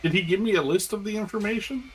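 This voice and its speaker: A man playing a tabletop game in character, talking casually and deadpan, asking short questions. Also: high-pitched, fast, faint music behind. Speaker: player.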